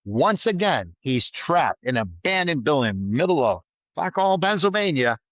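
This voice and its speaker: A middle-aged man, a retired trooper, telling a story in a blunt, vivid way, loudly acting out the lines of the people he quotes. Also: a little high, big pitch swings, moderate pace, no echo, muffled recording. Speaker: retired state trooper guest. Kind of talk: casual storytelling in a podcast interview.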